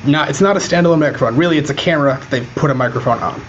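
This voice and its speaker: A man talking casually over a video call, explaining audio gear as a podcast guest, with a relaxed, filler-heavy manner. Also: fairly high pitch, rapid-fire, highs cut off, a little hiss or hum. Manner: relaxed, chatty, lots of fillers like "you know" and "um". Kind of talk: casual explanatory chat, demonstrating microphones. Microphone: switching between webcam mic and USB condenser over a video call.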